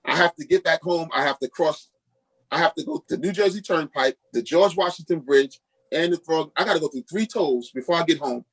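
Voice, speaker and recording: Speaking fairly quickly with a slightly high, breathy voice, a middle-aged man from Queens, New York, tells his personal testimony as a podcast guest. He's a pastor, and he brings the story alive by performing the dialogue of those in it. The audio quality is rough.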